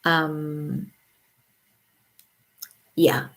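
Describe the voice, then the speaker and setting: Blunt mother on a livestream, lower voice, outspoken and profane. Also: extremely slow. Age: adult with children. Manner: blunt, swears freely, animated opinions. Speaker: livestream host. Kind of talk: casual livestream chat.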